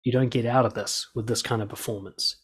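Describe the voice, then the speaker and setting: A man's voice: medium pitch, fairly even intonation, brisk, husky. A man coaching listeners in a direct advice monologue, blunt and swearing freely, acting out quoted lines. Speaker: dating and confidence coach.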